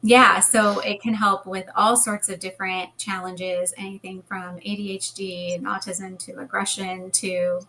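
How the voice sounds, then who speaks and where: A woman's voice: medium pitch, level tone, a little slow, few pauses, sharp tone, slight background noise, rough recording. A woman answering as an interview guest, speaking fluently in an explanatory way. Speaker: guest hypnotherapist.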